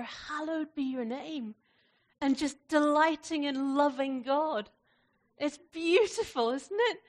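Her pitch high, a woman pastor delivers a sermon in a friendly, chatty style, breaking into frequent laughter and easing her pace for prayers.

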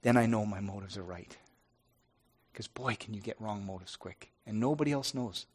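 Earnest, halting lower-voiced man. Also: a little mellow, slightly rough. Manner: earnest, halting, with many restarts. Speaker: pastor. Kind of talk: informal devotional talk to a congregation.

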